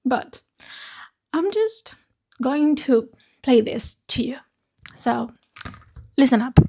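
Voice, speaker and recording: A woman's voice: sits high, big pitch swings, slow pace, dark tone, slightly rough. A woman book vlogger chatting casually about her week's reads, rambling and swearing freely, recorded on a phone. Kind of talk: casual chat about books.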